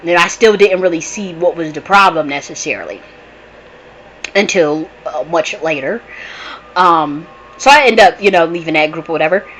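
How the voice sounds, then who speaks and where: A woman host talking in a casual monologue, an animated storyteller who swears a lot and restarts her sentences often. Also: on the low side, moderate pace, slight background noise, rough recording. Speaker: channel host.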